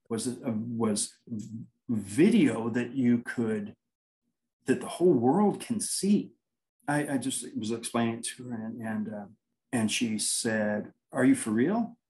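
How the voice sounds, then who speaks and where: Man guest, mid pitch, rambling storyteller who acts out quoted exchanges. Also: low-quality recording. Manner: rambling, animated anecdotes with quoted dialogue. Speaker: paranormal investigator guest. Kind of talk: casual interview storytelling.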